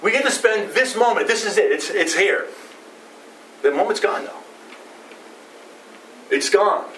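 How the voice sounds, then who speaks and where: Middle-aged pastor preaching in a roomy church. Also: male voice, high voice, animated, a little slow, bright, forceful tone. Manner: conversational preaching with rhetorical questions. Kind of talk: sermon. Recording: roomy, distant, faint ambient noise.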